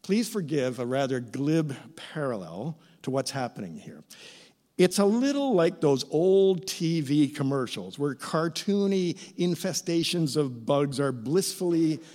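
A middle-aged man preaching a sermon as pastor, with expressive, theatrical emphasis. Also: on the high side. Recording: reverberant church hall.

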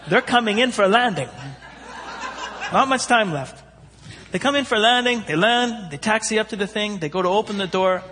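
A man preaching, telling a story with animated voices for its characters. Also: sits high, a little fast, slight background noise. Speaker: pastor. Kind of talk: sermon storytelling. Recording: long hall reverb.

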